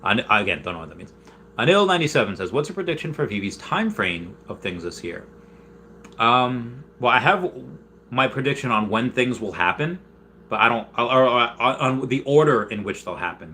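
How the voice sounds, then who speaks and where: A man's voice: mid-range voice, big pitch swings, normal speed, bright, forceful tone, a little hiss or hum. Upbeat young man hosting a livestream. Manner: rambling, upbeat, reads viewer comments aloud. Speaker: livestream host reading chat. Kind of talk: casual livestream chat.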